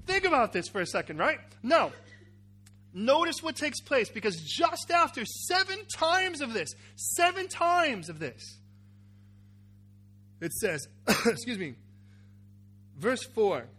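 A man preaching a sermon, acting out a Bible scene with cries, shouts and asides to the congregation. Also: very high voice, moderate pace. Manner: animated, acts out characters with cries and shouts. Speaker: pastor.

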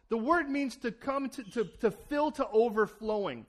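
A male pastor with a high-pitched voice delivers a lively sermon. He acts out quoted conversations and often stumbles into repeated words as he builds a point. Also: normal speed, few pauses. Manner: animated, acting out quoted exchanges, repeats words when starting.

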